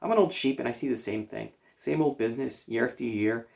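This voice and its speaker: Man voicing a gloomy old ewe in a children's story; blunt, matter-of-fact, gravelly. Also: mid-range voice, a little fast, a little mellow, natural voice. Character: blunt old female sheep, gloomy know-it-all.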